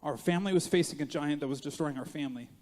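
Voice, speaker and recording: A man preaching a sermon as pastor, moving between quiet asides and loud emphatic rises, with joking self-mocking moments. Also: fairly high pitch, fast, big-room sound. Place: church sanctuary.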